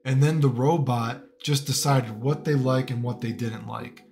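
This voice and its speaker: A man's voice: medium pitch, steady tone, unhurried, creaky, over music. A man giving casual, profane, rambling commentary as a fighting game streamer. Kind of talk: ranting commentary.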